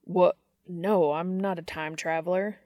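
A woman voicing a gruff, exasperated grown man who speaks deadpan. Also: lowish voice, a little slow, no echo, studio quality, close to an everyday voice. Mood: flustered.

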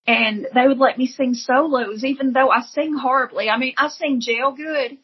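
Woman guest, husky higher voice, earnest vivid testimony, lo-fi sound. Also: steady tone, moderate pace. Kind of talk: emotional personal testimony.

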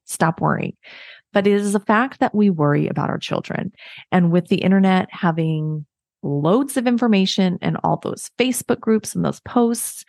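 A woman's voice: lowish voice, creaky, darkish tone, dry recording, clean studio sound. A woman in her thirties hosting a podcast, giving candid, self-mocking, chatty advice to other parents. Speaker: podcast host. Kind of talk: casual solo advice talk.

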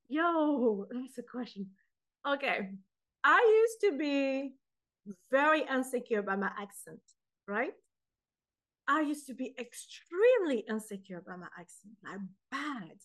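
A woman talks as a podcast guest in a lively, expressive way. Her voice sits a little higher than most, and it leaps up when she acts out what other people said. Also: measured pace, rough recording. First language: French. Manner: animated, acts out quoted voices. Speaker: guest poet and author. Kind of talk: casual interview chat.

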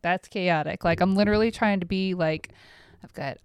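A middle-aged woman hosting a podcast alone, rambling and self-mocking in casual talk, swearing freely, recorded on a close mic in a quiet room at home. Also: on the low side, normal speed, clean tone, dry recording. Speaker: podcast host. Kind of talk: casual solo podcast monologue.

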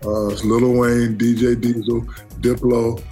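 A man's voice: medium pitch, level tone, measured pace, warm tone, soft background music. A man in his fifties, a guest in a casual interview, talking in a laid-back, playful and boastful way.

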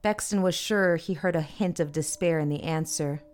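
A woman reads a dark tale aloud in a measured, even audiobook narration. Her voice sits a little low.

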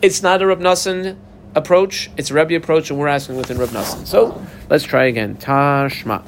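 A man's voice: fairly high pitch, steady tone, moderate pace, vocal fry, slight background noise. A man leads a Talmud study session in an orderly, step-by-step way. He reads short Aramaic phrases, translates them and tells learners exactly how to mark the text. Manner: methodical, guides text markings step by step. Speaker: Talmud teacher.

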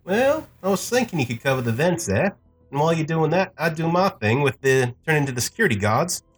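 A man's voice: fairly high pitch, very animated, brisk, husky, soft background music, voice pushed up. A scheming con man, played by a man at the game table, talks in a folksy, coaxing way. His voice lifts a little above the player's own. He sounds sly and sure of himself. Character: scheming male con artist, sly and smooth.

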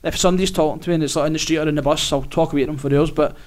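A man's voice: fairly high pitch, fairly even intonation, a little mellow. A Scottish man, a comedian, chatting in a sweary, laughing way as a podcast guest. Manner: sweary, laughing, quick banter. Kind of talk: casual podcast chat.

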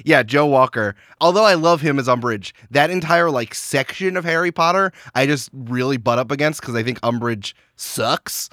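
A man guesting on a podcast, chatting casually in a jokey, animated way and laughing often. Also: mid-range voice, moderate pace, hardly any pauses, no room sound, clean studio sound.

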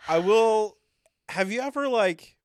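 A man's voice: sits high, expressive, slow, a little mellow, clear, resonant tone, no echo, clean studio sound. A man co-hosting a casual recap podcast, joking and acting out quotes with frequent laughter. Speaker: podcast co-host.

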